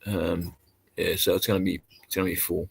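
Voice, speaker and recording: Australian man, lowish voice, rambling casual stream chat, easygoing swearing. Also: level tone, brisk, vocal fry, slightly rough, dry recording. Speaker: live streamer.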